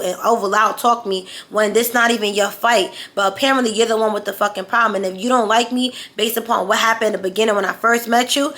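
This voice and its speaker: A woman with a fairly high, forceful, bright voice recounts a personal story for her vlog. She talks bluntly and heatedly, swearing freely as she relives it. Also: slight background noise. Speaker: vlogger.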